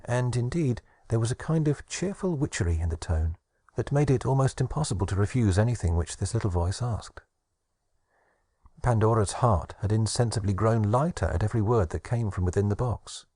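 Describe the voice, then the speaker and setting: Male audiobook narrator, low and mellow, husky, dry close mic. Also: lively intonation, a little fast, dry recording.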